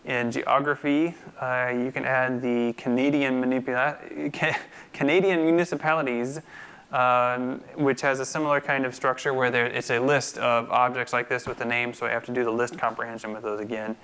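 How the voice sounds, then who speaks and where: Male instructor, screencast coding tutorial, gravelly yet crisp tone, bright voice, talks through his steps. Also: mid-range voice, flat delivery, normal speed. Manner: thinks aloud, many fillers and restarts.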